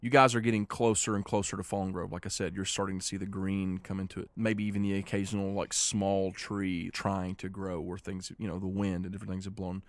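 A man narrating a tabletop game podcast as game master, relaxed and rambling. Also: deep voice, fairly quick, few pauses, dry recording. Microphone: podcast mic.

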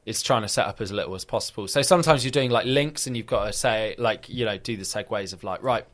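Animated young man telling stories. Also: on the low side, fast. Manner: animated storyteller acting out quoted voices, filler-heavy. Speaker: guest, football video presenter. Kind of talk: casual interview chat.

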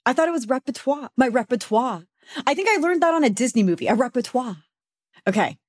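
Woman, young adult, casual co-host chat, playful, laughing, fairly high voice, dry close sound. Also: racing, no room sound. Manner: animated, laughing often, playful. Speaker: podcast co-host.

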